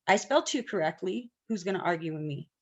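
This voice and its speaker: A woman's voice: on the low side, lively intonation, fast, a little mellow. A woman teaching an online class, talking casually and often checking that students follow. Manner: chatty, asks the class questions often.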